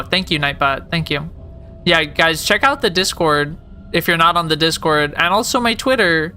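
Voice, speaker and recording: A woman's voice: deep voice, bright, forceful tone. A woman in her late twenties chatting casually on a live stream, rambling and joking, with lots of "like" in her speech. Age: late 20s. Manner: rambling, jokey, heavy use of "like".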